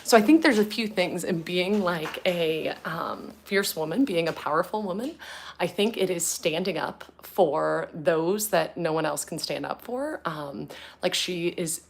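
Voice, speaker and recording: A woman's voice: lowish voice, measured pace, gravelly, a little hiss or hum. A woman in her thirties, a podcast host, talking earnestly and casually at home with lots of fillers. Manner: chatty, earnest, many fillers. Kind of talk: casual talk to camera.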